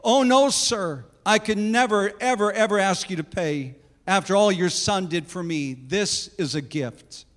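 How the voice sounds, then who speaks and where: A preacher voicing a humble young soldier, high voice. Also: male voice, measured pace, big-room sound.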